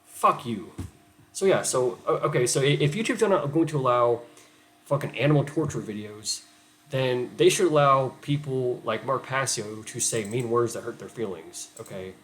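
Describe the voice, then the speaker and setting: A man's voice: mid-range voice, normal speed, a bit bright, a little hiss or hum, rough recording. Man in a middle register, heated, profane rant. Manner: heated, profane, repetitive "okay?". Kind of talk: angry rant.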